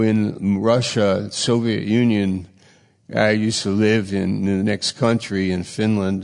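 A man delivers a sermon at an unhurried pace, leaning on repeated phrases for emphasis. His voice has a gravelly edge, and it rings out in a large reverberant hall. His loudness swells and falls as he presses his points. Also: lowish voice. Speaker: preacher.

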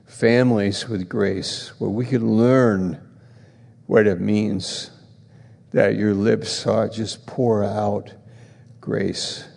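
A man preaching a sermon in a slow, earnest way, rising in pitch for emphasis, and leading a prayer. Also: flat delivery, gravelly, a little mellow, big-room sound.

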